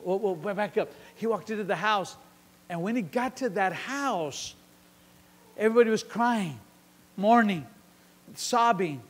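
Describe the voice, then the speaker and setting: A man's voice: sits high, measured pace. Man, pastor, sermon, dramatic storyteller, long hall reverb. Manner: dramatic, acts out the Bible characters' lines.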